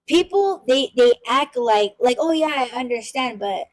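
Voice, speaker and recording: A woman's voice: fairly high pitch, moderate pace, poor audio. A woman hosting a casual podcast chat, talking emphatically with frequent restarts and swearing. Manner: emphatic, swearing freely, many repeated restarts. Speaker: podcast host.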